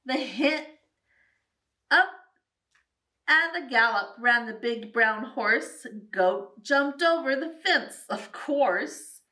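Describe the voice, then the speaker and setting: Slow, sing-song woman reading aloud. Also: sits high, far from the mic. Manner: animated, sing-song, with animal sounds. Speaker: children's storyteller. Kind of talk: picture book read-aloud.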